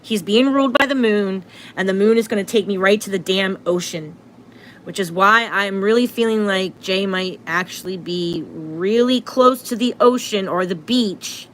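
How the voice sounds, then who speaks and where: A woman chats loosely into her phone, hosting a livestream and often restarting her sentences. Her pitch sits in an ordinary middle range. A faint hiss of background noise runs under the recording. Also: normal speed. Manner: chatty, self-interrupting, laughs at herself. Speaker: astrology livestream host. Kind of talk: casual livestream chat.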